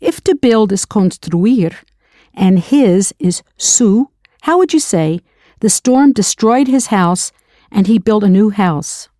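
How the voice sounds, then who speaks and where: A woman's voice: medium pitch, expressive, takes it slowly, warm tone, no room sound, clean studio sound. A woman teaching a recorded language lesson, spelling words out letter by letter and asking the listener to answer. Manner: spells words letter by letter, then prompts the learner.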